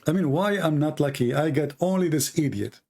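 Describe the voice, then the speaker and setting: A man whose first language is Arabic tells stories and argues in broken English, animated and laughing. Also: fairly high pitch, brisk. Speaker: host. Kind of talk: casual storytelling and polemic.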